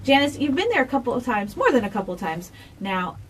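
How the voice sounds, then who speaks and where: A woman co-hosting a casual morning radio show, chatty and quick to laugh. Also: on the high side, big pitch swings, recorded from a distance, noisy background. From Hispanic background, United States. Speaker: radio host.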